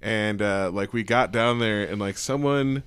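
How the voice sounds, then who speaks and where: A man's voice: lowish voice, a little slow, clear, resonant tone, dry recording. Casting: male radio host, easygoing and joking, dry close mic. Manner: relaxed, jokey, laughs often. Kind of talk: casual chat.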